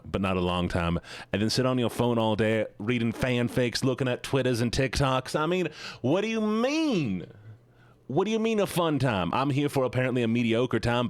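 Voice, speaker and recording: A man livestreaming, chatting casually and playfully with his viewers, often joking at his own expense. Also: dry recording. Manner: playful, self-mocking, with sudden jumps in pitch. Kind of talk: casual chat to stream viewers.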